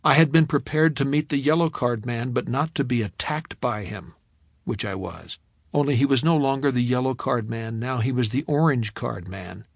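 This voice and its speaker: A man reading a novel aloud in the first person, telling the story in a measured, reflective way. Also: medium pitch, vocal fry, dry recording, clean studio sound. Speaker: audiobook narrator. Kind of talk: first-person audiobook narration.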